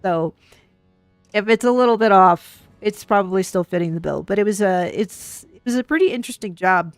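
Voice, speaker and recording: A woman's voice: mid-range voice, dry recording. A woman reading out game narration and chatting playfully on a stream, referring to herself in the third person. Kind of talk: casual streaming chat and reading game text.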